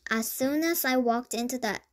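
A woman reads a children's storybook aloud in a lively way, sometimes tripping over a word. Her voice sits a little high. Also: moderate pace. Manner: lively storytelling with small stumbles. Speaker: storybook reader. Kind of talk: reading a children's book aloud.

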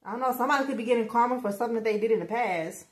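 A woman's voice: a little high, very fast. A woman giving a casual tarot reading who talks bluntly and swears a lot, speaking straight to her viewers in slang. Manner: slangy, emphatic, bursts of laughter. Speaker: tarot reader.

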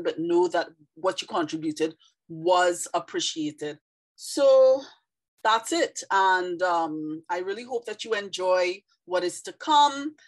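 A woman from Trinidad and Tobago speaks with a light Trinidadian accent, talking directly to her viewers in a casual, earnest way. Her voice sits a little on the low side, and her delivery stays chatty and heartfelt. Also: low-quality recording. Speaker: video creator.

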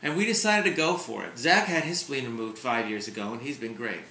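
Chatty man, bright voice, roomy sound. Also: mid-range voice, fairly quick, slight background noise. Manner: chatty and candid, with sudden loud outbursts. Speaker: vlogger. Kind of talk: casual chat to camera. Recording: echoey room.

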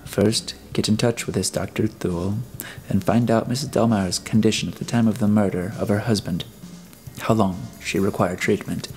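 A man reading an audiobook, voicing a stern, weary detective in a level, terse, deliberate way. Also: lowish voice, steady tone, a little mellow, faint music behind, close to an everyday voice. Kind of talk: audiobook character voice.

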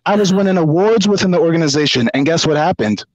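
Animated man with a higher voice. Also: fast talker, no echo, highs cut off. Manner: animated, repeats words while telling a story. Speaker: guest. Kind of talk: storytelling interview chat.

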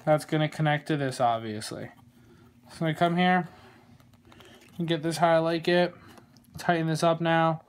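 A man giving a casual how-to tutorial on a glove, relaxed and rambling, with plenty of fillers and small jokes. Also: fairly high pitch, normal speed, pauses often, clean tone. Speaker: glove maker demonstrating lacing. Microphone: phone camera.

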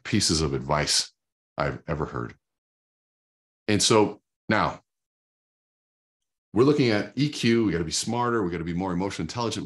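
A man's voice: deep voice, fairly bright tone, breathy edge. A middle-aged man giving a conversational, emphatic motivational talk, often repeating his points for stress. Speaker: speaker.

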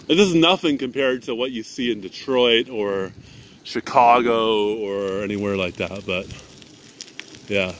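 A man's voice: mid-range voice, slight background noise. Breathless man ranting on a bike. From Canada. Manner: ranting, profane, talking to viewers while cycling. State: slightly out of breath. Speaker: vlogger. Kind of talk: casual ride-along vlog. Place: outdoors on a bicycle in winter traffic. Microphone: handheld phone.

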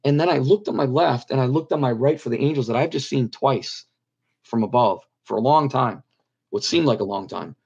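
A man's voice: medium pitch, moderate pace, darkish tone, breathy edge, lo-fi sound. A middle-aged man earnestly telling a personal story as an interview guest, repeating phrases for emphasis. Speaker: guest telling his near-death story.

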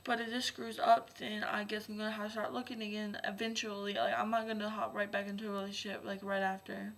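A woman's voice: medium pitch, flat delivery, fast, gravelly, a bit bright. A young woman vlogging casually, anxious and rambling, using lots of "like". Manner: anxious, rambling, heavy "like" filler. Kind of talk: casual vlog.

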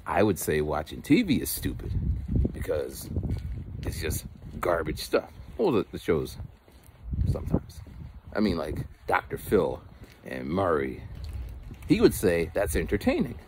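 A man's voice: low voice, wildly swooping pitch, a little slow, long pauses, background noise. A man talking outdoors in the cold in a casual, rambling monologue, often repeating words. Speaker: vlogger.

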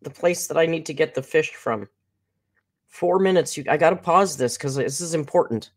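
A casual live streamer chats away to viewers in an easy, unscripted way. They talk straight to the chat and narrate what they are doing as they go. The voice sits at an ordinary middle pitch. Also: animated, unhurried. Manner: chatty, talks straight to the chat, narrates own actions aloud.

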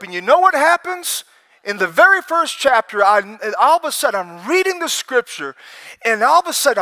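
Preacher, high bright voice, lively storyteller. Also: male voice. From Alabama. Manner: animated storytelling, acts out quoted voices, laughs often. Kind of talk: testimony sermon at a conference. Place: conference hall with live audience.

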